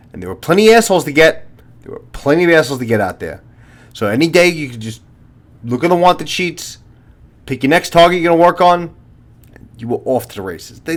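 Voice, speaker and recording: Blunt, swearing retired cop in his fifties. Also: mid-range voice. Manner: blunt, profane, lecturing. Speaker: retired police officer, channel host. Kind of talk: casual monologue to viewers.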